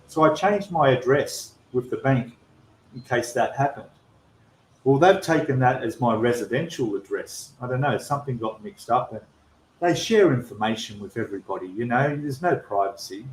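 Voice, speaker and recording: A man's voice: mid-range voice, lively intonation, normal speed, slight background noise. An Australian man hosting a live stream Q&A, talking in an exasperated, emphatic way with frequent restarts. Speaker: channel host. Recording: roomy echo.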